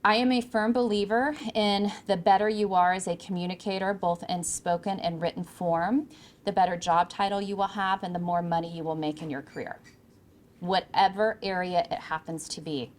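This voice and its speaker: A woman's voice: lowish voice, fairly even intonation, normal speed. A woman from California giving a projected, emphatic talk to an audience of interns on a microphone in an event room. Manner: projected, emphatic coaching delivery. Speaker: speaker. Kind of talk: presentation to interns. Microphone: handheld or podium microphone.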